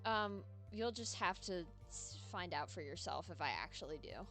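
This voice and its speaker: A woman's voice: fairly low pitch, moderate pace, hardly any pauses, soft background music. Chatty woman streaming a game. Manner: chatty, excitable, giggly asides. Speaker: streamer reading game dialogue aloud. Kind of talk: casual let's-play commentary, reading lines.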